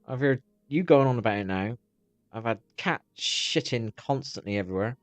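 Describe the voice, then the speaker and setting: A man's voice: medium pitch, animated, normal speed, no echo. A man chatting loosely on a live stream while watching videos, swearing freely as he rambles.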